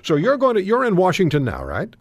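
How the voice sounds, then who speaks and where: A male talk radio host delivers emphatic commentary and interviews guests, restarting his thoughts as he pushes a point. His pitch is lively and animated. The sound is dry and close to the studio mic. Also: fairly quick, gravelly, no echo.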